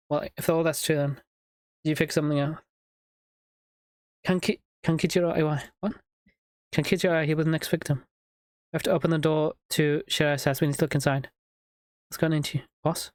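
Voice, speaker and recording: Brief: streamer reading game lines aloud, quick, mid-pitched voice, dry close sound. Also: no echo. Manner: reads lines quickly, laughs and riffs.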